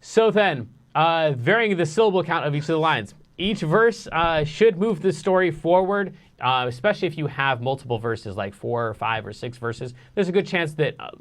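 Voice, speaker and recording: A man casually teaching songwriting in a live online lesson, relaxed and rambling with restarts. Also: fairly high pitch, normal speed, hardly any pauses. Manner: sings nonsense syllables to show rhythm.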